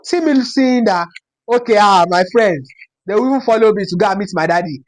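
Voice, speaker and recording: With a brisk, animated delivery in the mid range, this young Nigerian storytime vlogger recounts something that happened to them. The Yoruba-inflected accent comes through as phrases get repeated for dramatic, casual effect.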